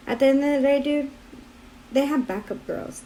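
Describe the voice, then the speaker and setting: A woman's voice: high-pitched, normal speed, mellow, slight background noise. A young woman vlogging her story in a rambling, filler-heavy way, tearful and crying as she talks. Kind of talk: casual confessional vlog.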